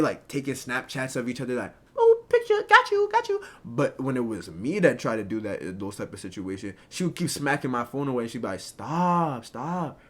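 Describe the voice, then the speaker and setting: A young man recounts a story to his viewers in a loose, rambling way. His voice sits at an ordinary middle pitch, and he keeps tossing in "like" and "right?" as he goes. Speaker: storyteller streamer. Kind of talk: casual storytelling to a live chat.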